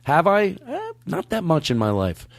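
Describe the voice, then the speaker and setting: A male podcast host telling stories in a loose, rambling way, breaking into laughter and cutting himself off mid-thought. His pitch swings widely as he talks. The studio sound is dry and close. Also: huge pitch swings, normal speed, creaky, no echo. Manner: rambling, laughing, self-interrupting. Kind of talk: casual comedic chat.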